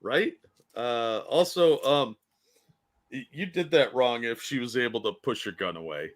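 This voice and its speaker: A man with a mid-range voice trades quips in relaxed podcast chat. He jumps in with jokes and laughs readily between remarks. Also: mid-range voice, unhurried. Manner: jokey, laughs often, chimes in with quips. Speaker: podcast co-host. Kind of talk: casual chat.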